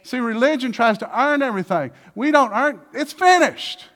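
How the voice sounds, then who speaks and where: A man preaching a sermon with lots of energy, acting out little dialogues and swinging between loud bursts and hushed passages. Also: very high-pitched, animated, moderate pace. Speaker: pastor.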